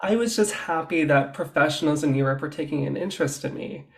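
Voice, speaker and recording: A man being interviewed about his work as a stylist, telling his story in a chatty, animated way. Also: a little high, fairly quick, vocal fry. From Canada. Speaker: guest, fashion stylist. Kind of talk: casual interview chat.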